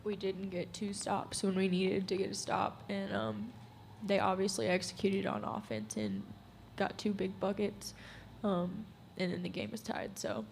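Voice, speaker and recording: A young woman, a college basketball player, answering press questions in an earnest, measured way. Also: mid-range voice, creaky, darkish tone, slight background noise. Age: young adult. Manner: earnest, measured, defends her father. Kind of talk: postgame press conference answers.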